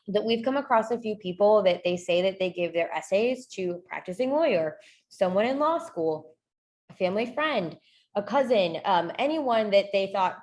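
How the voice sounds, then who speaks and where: A woman's voice: fairly low pitch, a little mellow, slight background noise. A woman admissions consultant giving a casual talk to a group, chatty and full of fillers and restarts.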